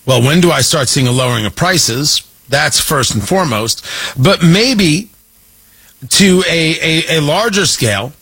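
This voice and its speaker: A man's voice: on the high side, expressive, a little slow, fairly bright tone, slightly rough, low-quality recording. A man delivering an opinionated political monologue, sarcastic and emphatic, repeating points for effect. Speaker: political commentator.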